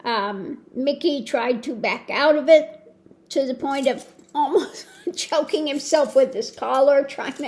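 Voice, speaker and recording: An older woman rambling about her day in a casual, chatty way, with soft laughs here and there. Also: high voice, a little slow. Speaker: tarot reader and vlogger. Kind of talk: casual chat.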